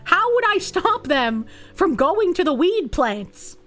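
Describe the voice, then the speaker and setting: Boston accent woman streaming, high voice jumping all over, loud and sweary, bit of music behind. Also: sing-song, takes it slowly. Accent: Boston area. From New England. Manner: loud, swearing, bursts into high laughing shrieks. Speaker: streamer reading chat. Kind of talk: casual stream chat.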